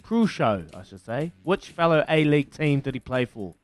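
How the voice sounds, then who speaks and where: A man with a New Zealand accent runs a radio quiz from the studio, matey and teasing with callers. His voice sits a touch high for a man, with faint music underneath. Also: big pitch swings, normal speed. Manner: matey and teasing, counts down aloud.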